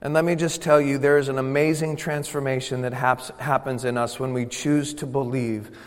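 A male pastor preaching a sermon, emphatic and repetitive, building from quiet to forceful. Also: mid-range voice, little pitch movement, normal speed, long reverb tail.

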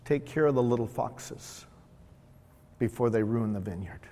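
A man's voice: mid-range voice, unhurried, warm tone. A male pastor delivering a sermon, driving his points home by repeating short phrases. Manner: emphatic, repeats key phrases. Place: church sanctuary. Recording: long reverb of a church hall.

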